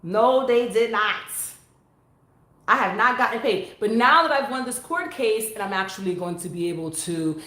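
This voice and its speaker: A woman chatting casually with viewers on her phone, animated and talkative. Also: mid-range voice, a little fast, few pauses. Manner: animated, chatty, bursts into sung vocal runs. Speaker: vlogger. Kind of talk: casual live chat to viewers. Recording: echoey room on a phone.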